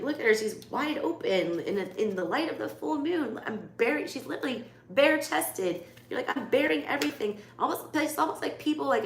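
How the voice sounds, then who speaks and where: Blunt, profane Southern woman reading tarot. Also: a little high. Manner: blunt, swears freely, lots of "like" fillers. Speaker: tarot reader. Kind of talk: live tarot reading, casual chat. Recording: echoey room, faint background noise.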